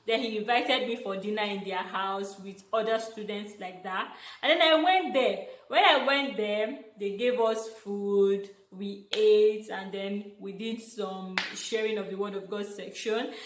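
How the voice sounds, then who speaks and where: A young Nigerian woman telling a story in an animated vlog, exclaiming and laughing often. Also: mid-range voice, unhurried, hardly any pauses, a little hiss or hum. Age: young adult. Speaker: vlogger, international student. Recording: echoey room.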